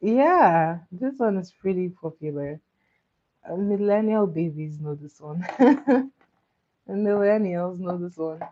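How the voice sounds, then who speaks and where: A young woman hosting a casual cartoon trivia quiz, who laughs often and repeats her questions slowly. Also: lowish voice, expressive, lo-fi sound. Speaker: quiz host.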